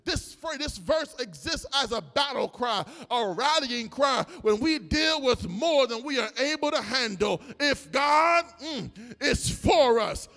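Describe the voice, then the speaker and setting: A man preaching a sermon, building from calm teaching into shouted, sung preaching. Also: very high-pitched, a little slow, big-room sound. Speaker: pastor. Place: church sanctuary.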